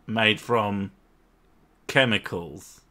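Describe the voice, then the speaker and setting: Bright-toned, swearing male host. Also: on the low side, extremely slow. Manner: profane, argumentative banter. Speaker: channel host. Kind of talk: casual chat with his wife. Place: home.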